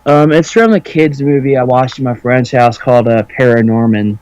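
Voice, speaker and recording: A let's play commentator with a mid-range, slightly mellow voice chats casually with a friend about a retro game at normal speed. He rambles, curses, and leans heavily on fillers. The tone is clean with no echo, though the recording is rough.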